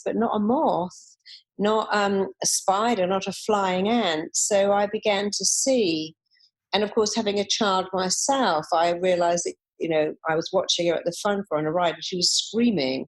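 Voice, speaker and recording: A woman, a therapist guest in an interview, telling stories and acting out the voices of people she quotes. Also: mid-range voice. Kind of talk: conversational interview.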